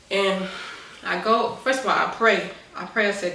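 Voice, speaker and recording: A young adult woman vlogger telling a personal story to her viewers in animated, casual chat. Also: mid-range voice, moderate pace. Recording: roomy echo, voice a bit far from the mic.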